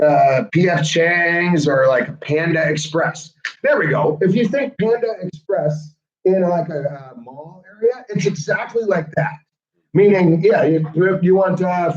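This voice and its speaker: Brief: high-pitched male host, chatty and animated, roomy lo-fi sound. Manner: chatty, animated, laughs often. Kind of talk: casual chat.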